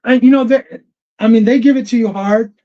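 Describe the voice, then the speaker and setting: A man's voice: very high-pitched, fairly even intonation, brisk, mellow. A man hosting a casual livestream, talking loosely in slang with laughs and restarts. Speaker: livestream host. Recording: dull lo-fi stream audio.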